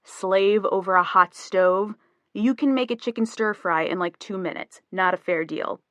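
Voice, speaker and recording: Woman voicing a quick-witted young wife. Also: mid-range voice, animated, dry recording, close to an everyday voice. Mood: bantering. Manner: playful bargaining banter.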